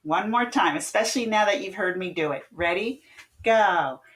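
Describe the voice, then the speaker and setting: A woman's voice: medium pitch, animated, moderate pace. A woman music teacher giving an online classroom lesson, patiently explaining note values and chanting rhythm syllables for her students to echo. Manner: sings out rhythms, playful game calls.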